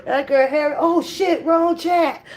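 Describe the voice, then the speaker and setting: A woman's voice: very high-pitched, steady tone, a little slow, a little hiss or hum. A woman hosting a casual livestream reaction chat, laughing often, profane, calling her viewers y'all. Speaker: livestream host.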